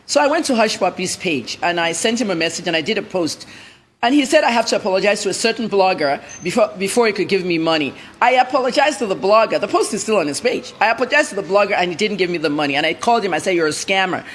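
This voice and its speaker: A woman's voice: medium pitch, expressive, fast talker, slight background noise. Blunt, emphatic woman journalist. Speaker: journalist guest. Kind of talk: TV news interview answers.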